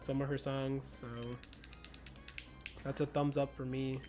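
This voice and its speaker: A man's voice: mid-range voice, completely flat delivery, unhurried, music in the background. A young American man with a slight Spanish-influenced accent, chatting casually and laughing while streaming a game. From United States. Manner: laid-back, slangy, laughs often. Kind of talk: casual chat while gaming.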